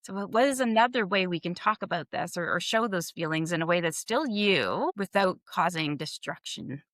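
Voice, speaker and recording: A woman's voice: lowish voice, lively intonation, normal speed, a bit bright, no echo, studio quality. A woman executive coach talking candidly and reflectively as a podcast guest, laughing lightly and posing questions to herself. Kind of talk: conversational podcast interview.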